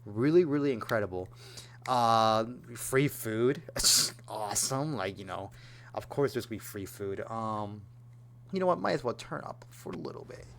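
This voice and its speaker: A young man chatting casually in a vlog, excitable and rambling, with lots of fillers and restarts. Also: fairly low pitch, a little slow, vocal fry, a little hiss or hum. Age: young adult. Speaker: gaming YouTuber.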